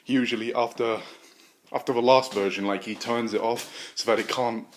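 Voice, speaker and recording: A man's voice: mid-range voice, steady tone, normal speed, slight background noise. Rambling man improvising a comic story. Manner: rambling, profane, many fillers and restarts. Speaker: podcast host.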